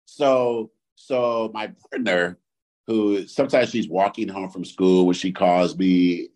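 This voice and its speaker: A man co-hosting a casual podcast, telling animated, profane stories with sudden jumps in pitch. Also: slow pace. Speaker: podcast co-host.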